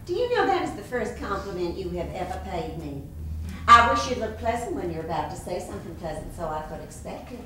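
A woman's voice: mid-range voice, big pitch swings, brisk, pushed and bright. A woman playing a fluttery Southern belle mother on stage. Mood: gushing. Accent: American Southern. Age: middle-aged. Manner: chattering, flirtatious, fluttery with little laughs. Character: faded Southern belle mother, fussy and gushing. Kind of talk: stage play performance. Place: theater stage. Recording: roomy stage audio from far off with hiss.

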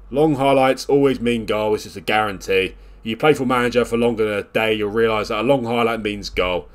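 A man commentating live on his own video game play, scolding and exasperated, lurching from loud outbursts to low grumbling mutters. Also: fairly quick, hardly any pauses.

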